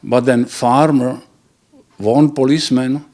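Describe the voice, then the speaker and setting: Halting man telling dirty jokes. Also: mid-range voice, fairly even intonation, warm tone. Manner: halting, restarts words, laughs at own punchlines. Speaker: joke teller.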